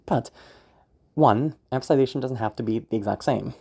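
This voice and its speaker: A man's voice: medium pitch, a little fast, vocal fry, mellow. A man teaching voice acting in a loose, chatty tutorial, swearing now and then. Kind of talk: casual spoken tutorial.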